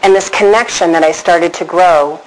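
A middle-aged woman telling a personal story to a live audience, animated and asking the audience questions. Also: lowish voice, moderate pace, rough recording. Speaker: speaker addressing an audience.

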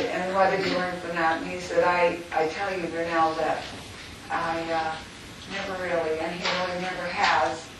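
A middle-aged woman speaking candidly and emotionally about her near-death experience, telling a personal story with laughter. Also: lowish voice. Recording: very echoey, distant mic with noise.

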